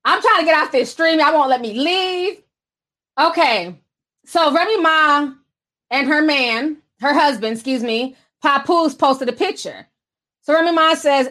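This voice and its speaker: Sassy high-voiced woman livestream host. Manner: sassy, animated, chatty with mocking voiced quotes. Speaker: livestream host reading super chats. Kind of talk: casual celebrity gossip commentary.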